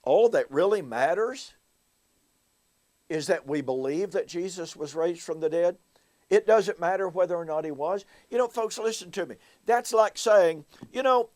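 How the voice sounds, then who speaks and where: A man teaching from the Bible in a high-pitched, earnest voice. He speaks to his listeners as folks and draws out key words for emphasis. The sound is dry and close, with no room echo. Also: measured pace, a little mellow. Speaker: Bible teacher and show host. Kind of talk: recorded Bible teaching talk.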